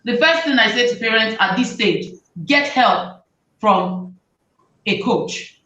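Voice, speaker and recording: A fairly high-voiced woman gives parenting advice in an animated, conversational way, slipping into the voices of parents and children. She sits back from the mic in an echoey room, and the sound is dull and muffled. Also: takes it slowly. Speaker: talk show host advising parents. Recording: roomy, distant, dull sound.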